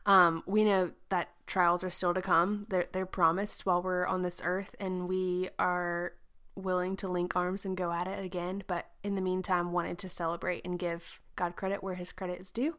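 A young woman chats casually as a podcast host, her voice sitting a little low for a woman. She talks freely, laughs often and now and then breaks into playful sound effects. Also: little pitch movement, moderate pace, a bit bright, clear, resonant tone. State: pregnant. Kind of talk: casual chat.

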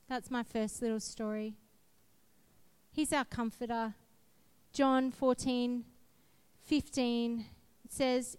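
A woman's voice: a little high, level tone, very slow, pauses often, a little mellow, clean tone. A woman, preaching a sermon and telling a personal testimony in an earnest, emphatic way.

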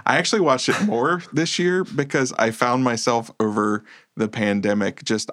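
A man's voice: medium pitch, normal speed, a bit bright, no room sound, clean studio sound. A man co-hosting a movie podcast, chatting casually in a laid-back, rambling, self-deprecating way. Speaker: podcast co-host.

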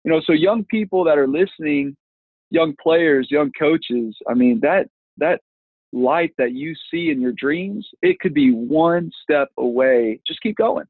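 Coach guy in his 30s, animated storyteller doing the voices, kinda high voice, sounds like a phone call, bone dry. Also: dry recording. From Texas. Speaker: football coach, former college lineman. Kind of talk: storytelling in a podcast interview. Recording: tinny phone-like line, dry.

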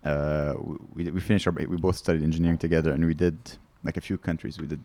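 A man, a comedian guest on a podcast, telling travel stories with quick laughs. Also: rumbling low, no echo. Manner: animated, laughs often, acts out quotes. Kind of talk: casual chat. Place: studio. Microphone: studio mic.

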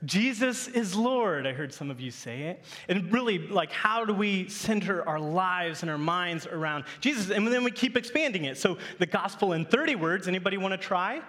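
Man, pastor, thirties, high light voice, playful storytelling sermon. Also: expressive, normal speed, few pauses, a bit bright. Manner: storytelling, chatty and playful with the congregation.

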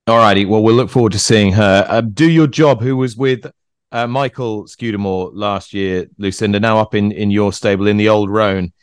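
A man hosting a racing podcast who interviews guests in a brisk, jokey and enthusiastic way. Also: fairly low pitch, smooth, no room sound, studio quality. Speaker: podcast host. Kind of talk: interviewing and presenting.

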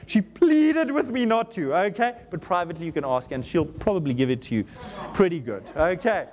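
Man, middle-aged pastor, high voice, lively joking sermon, slow emphatic scripture reading. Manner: animated, joking, with shouted exclamations; reads scripture slowly and emphatically. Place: church auditorium.

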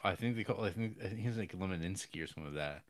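A man co-hosting a podcast, chiming in with short replies and halting restarts. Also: sits low, no echo, studio quality. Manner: brief interjections, hesitant restarts. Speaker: podcast co-host. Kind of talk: casual chat.

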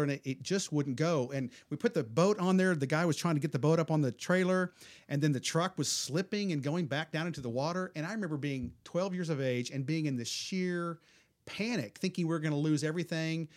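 A middle-aged man from the American Midwest, a pastor telling a story at a church roundtable and leading a prayer. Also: on the high side. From Southwest Missouri. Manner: calm storytelling, then fervent prayer.

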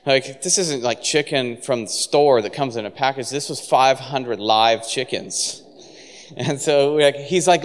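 A man at mid pitch preaches, telling a lively story and breaking into laughter as he acts out the people in it. His voice rings out with a long hall reverb, as if from a church stage. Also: a little slow. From San Francisco. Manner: animated, laughing storyteller acting out quotes. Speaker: pastor. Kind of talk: sermon storytelling.

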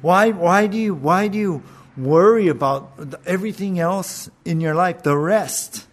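A man giving a conversational sermon, laughing often, asking his listeners questions and slowing down to stress scripture. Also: high-pitched. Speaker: pastor.

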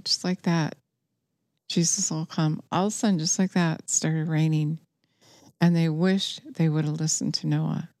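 A woman with a fairly low voice delivers a sermon. She speaks earnestly and with urgency, pressing her listeners to act. The sound is close and dry, with almost no room echo. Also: dark tone. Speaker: preacher.

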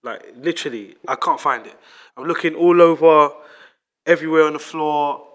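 A man's voice: fairly high pitch, moderate pace, a bit bright. A young man with a London accent telling a rambling story to friends in casual, slangy talk full of swearing. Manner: slangy, swears freely, loose rambling delivery.

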